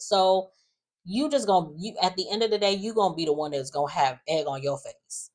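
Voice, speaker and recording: Young woman w a low voice, chatty slangy soap recap, gets fired up. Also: a little fast, a little mellow. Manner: chatty, slangy, heated opinions. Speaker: soap opera recap vlogger. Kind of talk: casual episode recap.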